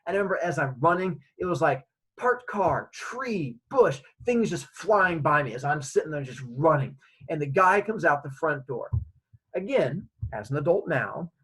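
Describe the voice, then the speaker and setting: Husky guy telling a funny childhood story, pitch jumps all over. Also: poor audio. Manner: animated, acting out scenes. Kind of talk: comedic personal storytelling.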